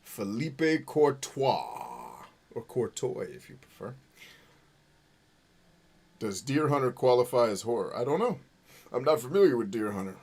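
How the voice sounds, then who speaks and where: A man's voice: medium pitch, big pitch swings, unhurried, gravelly, long pauses, darkish tone, slightly rough. A man hosting a live game stream, chatting with viewers in a profane, joking, self-mocking way. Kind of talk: live gameplay commentary reading chat.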